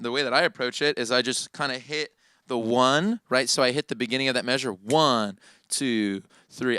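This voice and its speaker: A man teaching worship keyboard in a relaxed, casual way, often tagging his points with "right?". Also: medium pitch, clean tone, dry recording. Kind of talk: casual instructional talk. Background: keyboard playing.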